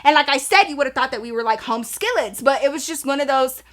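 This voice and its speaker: A woman in her twenties telling a casual, profane story time to her viewers, animated and chatty. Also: high voice, fast. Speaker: storytime vlogger.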